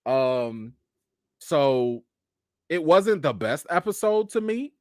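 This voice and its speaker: Animated man chatting casually. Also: a little high, slow, no room sound, clean studio sound. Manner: animated, joking, loose slangy talk. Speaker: TV show reaction host. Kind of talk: casual live-stream chat.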